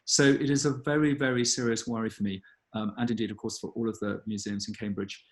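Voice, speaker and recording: A man, a gallery director answering audience questions in an earnest, thoughtful way with many pauses and ums. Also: on the low side, fairly even intonation. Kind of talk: live online Q&A talk.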